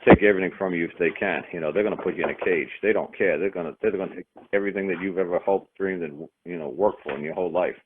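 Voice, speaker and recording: Very deep-voiced blunt man on a phone line. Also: rapid-fire, few pauses, slightly rough. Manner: blunt, profane, emphatic. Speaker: teacher of a study group. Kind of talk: casual talk, storytelling. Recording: tinny phone-line sound.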